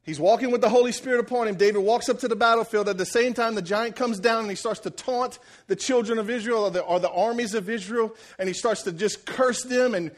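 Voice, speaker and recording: A man preaching a sermon, telling a story with animated energy, acting out the characters' lines and laughing often. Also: high voice, fast, few pauses. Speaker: pastor.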